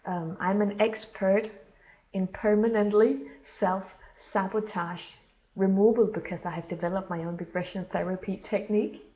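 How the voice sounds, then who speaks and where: A woman talks straight to the listener in an earnest, unscripted monologue. Her voice sits at an ordinary middle pitch, and she often stops mid-sentence to hunt for the right English word. The sound is a little dull and lo-fi. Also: steady tone. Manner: earnest, halting, searches for words mid-sentence. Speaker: self-described healer and therapist. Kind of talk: casual spoken monologue. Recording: slightly dull lo-fi recording.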